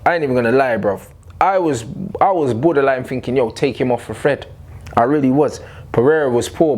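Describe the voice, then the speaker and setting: A man giving a fan's match reaction rant, animated and full of slang and swearing. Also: on the high side. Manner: animated slang-heavy ranting, swearing, "bruv" fillers. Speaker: football fan channel host.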